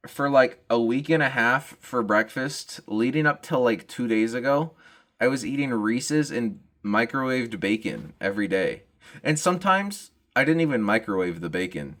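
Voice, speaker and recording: A man's voice: medium pitch, lively intonation, normal speed, a bit bright. A young man with hiccups, doing a rambling, self-deprecating comic monologue and laughing at his own jokes. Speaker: comedian vlogger.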